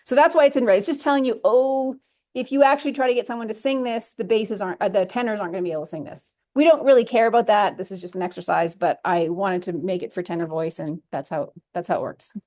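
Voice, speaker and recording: A woman music theory instructor talking through a software lesson step by step in a chatty, self-correcting way. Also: mid-range voice, fast. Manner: chatty, talks through steps as she clicks, self-correcting. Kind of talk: recorded screen-share lesson.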